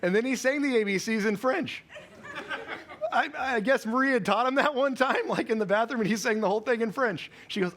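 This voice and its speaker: A man in his thirties gives a sermon from the pulpit in a casual, storytelling way. His voice sits a little high for a man. He stumbles and restarts lines easily. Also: fairly quick, fairly bright tone. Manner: conversational storytelling, self-correcting. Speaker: pastor.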